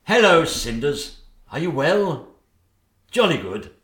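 A man's voice: on the high side, very animated, slow pace, a bit bright, full character voice. A man voicing a bumbling, henpecked old king with a posh, dithering manner. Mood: flustered. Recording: echoey room.

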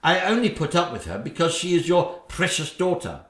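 A shrill, bossy stepmother queen, as a man puts her on, middle-aged and quick to snap. Her voice swings widely up and down as she scolds. The sound carries a roomy echo. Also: big pitch swings, fairly bright tone. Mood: scolding.

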